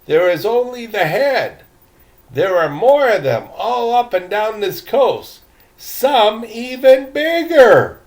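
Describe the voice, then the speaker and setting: Older man doing a scornful guide who lectures slowly and with disdain, slightly high, lively delivery. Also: exaggerated voice. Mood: disdainful. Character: haughty disdainful male jungle guide.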